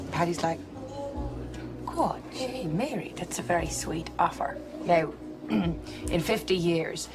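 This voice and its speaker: An actor playing a wry middle-aged therapist in a film, animatedly telling a bawdy joke and then a baseball story, putting on voices for the people in them. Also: male voice, sits high. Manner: animated storyteller who puts on voices for people in his tales.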